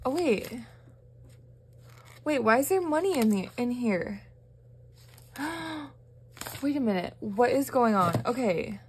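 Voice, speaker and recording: A young woman, chatting to her viewers as she opens fan mail, gushing and excitable with frequent gasps. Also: fairly high pitch, slow, pauses often, slight background noise. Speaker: budgeting vlogger. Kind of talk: casual vlog chat to viewers.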